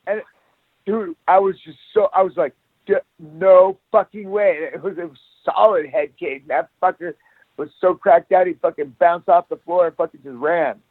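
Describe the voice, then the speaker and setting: A man spins a rowdy, profanity-laced story in casual podcast chat, acting out every beat. His voice sits a little high. The sound is thin and tinny, like a phone line, in a dry room. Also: normal speed, no echo. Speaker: guest, jiu-jitsu academy owner.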